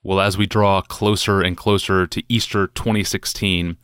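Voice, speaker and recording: Deep, smooth-voiced podcast host. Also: male voice, level tone, normal speed, fairly bright tone, no room sound, studio quality. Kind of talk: scripted podcast introduction.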